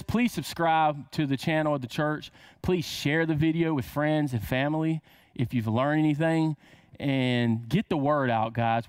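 Man, preacher, casual sermon, rhetorical questions, drawn-out emphasis, dry sound. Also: fairly high pitch, dry recording.

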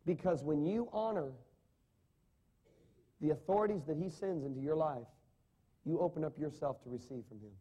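Dramatic male preacher with a mellow voice. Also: fairly high pitch, moderate pace, long pauses, breathy edge. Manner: dramatic, rising and falling emphasis, asks the congregation questions. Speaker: pastor. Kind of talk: sermon.

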